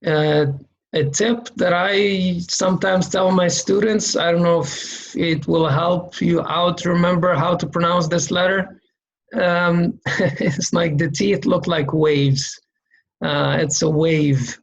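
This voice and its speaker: A male Quran reading teacher speaks slowly in a high, gravelly voice with fairly even intonation, and the highs are cut off. His step-by-step lesson covers letter shapes and sounds; he is patient, repeats sounds to demonstrate them, and checks in with "okay?".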